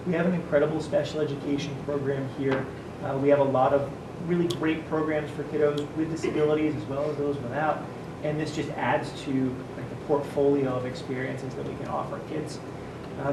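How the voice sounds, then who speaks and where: A man presenting as school superintendent at a public meeting, informal and upbeat, with many fillers. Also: a little high. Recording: distant roomy mic, noisy.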